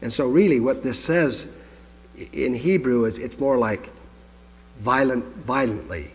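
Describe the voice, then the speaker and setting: A man's voice: mid-range voice, measured pace. A man giving a conversational sermon to a congregation, reading scripture aloud and adding his own asides. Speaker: pastor. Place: congregation hall. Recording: long hall reverb.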